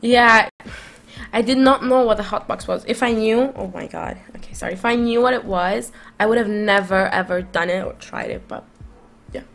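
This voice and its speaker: A woman's voice: medium pitch, moderate pace, gravelly, a bit bright. A woman streamer casually telling a long personal story to her live chat, rambling and restarting often with lots of "like".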